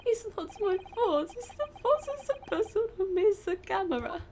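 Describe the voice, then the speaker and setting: A woman voicing an excitable, boyish young man who stammers and blames others when cornered. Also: extremely high pitch, normal speed, a little hiss or hum, pitched above the performer's own voice. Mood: indignant. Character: excitable boyish young male balloon photographer.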